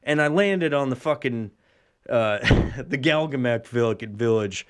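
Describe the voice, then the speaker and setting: A man's voice: animated, measured pace, smooth. A man in his thirties, a podcast host, telling a profane, exaggerated comic story in a solo rambling monologue. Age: 30s. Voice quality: profane, exaggerated storytelling with bursts of high put-on voices.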